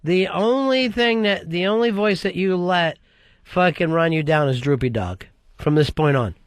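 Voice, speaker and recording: A man's voice: high-pitched, normal speed, no echo. A man hosting a talk radio show, blunt and profane, needling his co-host. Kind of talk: casual talk radio chat.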